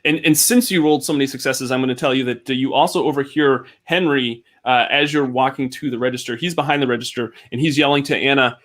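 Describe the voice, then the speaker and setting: A man narrating as game master for a tabletop game, halting with many restarts. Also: medium pitch, a bit bright. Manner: halting, full of fillers and restarts.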